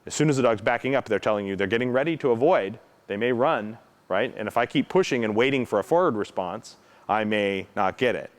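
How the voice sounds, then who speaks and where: A man's voice: mid-range voice, animated, brisk. A man explaining protection dog training to students in a casual teaching tone, often checking in with "right?" and acting out how dogs react. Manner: frequent tag question "right?"; acts out dog reactions with his own voice.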